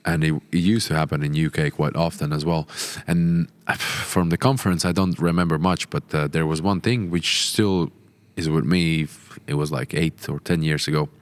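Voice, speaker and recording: A young man with a very deep voice, a Latvian native speaker hosting a podcast. He asks his questions hesitantly, with many pauses and fillers as he searches for words. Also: steady tone. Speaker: podcast host, club co-owner. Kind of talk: interview questions.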